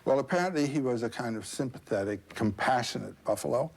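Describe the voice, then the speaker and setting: Brief: male storyteller, conversational, pauses with fillers, faint music underneath. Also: mid-range voice, lively intonation, vocal fry, darkish tone, rough recording. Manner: halting, with many uh fillers and asides. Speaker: guest storyteller. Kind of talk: retelling a myth in conversation.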